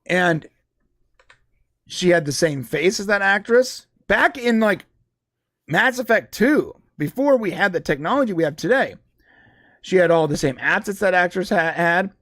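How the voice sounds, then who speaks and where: Higher-voiced man in casual podcast chat. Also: lively intonation, a little slow, fairly bright tone, dry recording, clean studio sound. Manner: conversational, with frequent restarts and fillers. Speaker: podcast co-host. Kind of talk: casual live-stream chat.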